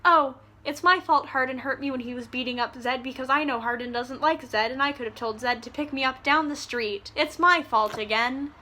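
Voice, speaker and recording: A woman's voice: high voice, moderate pace, few pauses, bright, forceful tone, a little hiss or hum. A woman voicing a whiny, self-blaming teenage girl in a mocking singsong.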